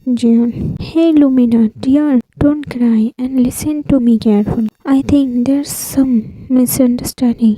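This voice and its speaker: A fatherly middle-aged man who heads a university speaks calmly to a young woman, read by a female storyteller. He sounds reassuring and measured, with a dark, mellow tone and a slow pace. The recording is dry and close to the mic. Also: a little high, no echo, poor audio.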